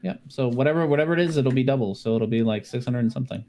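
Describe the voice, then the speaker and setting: A man talks loosely after a tabletop session, thanking everyone as one of the regular organizers. His voice sits in a middle pitch. He restarts sentences and doubles up words as he goes. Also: darkish tone, a little hiss or hum. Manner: halting, repeats words. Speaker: game organizer. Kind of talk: casual post-game chat.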